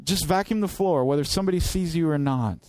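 A man's voice: fairly high pitch, fast talker, darkish tone, no room sound. A man preaching a sermon as pastor, earnest and direct, driving points home with rhetorical questions.

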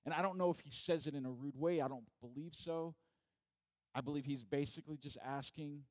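A man's voice: a little high, brisk, darkish tone, no room sound. A male pastor preaching a sermon in a conversational way, asking his congregation many rhetorical questions.

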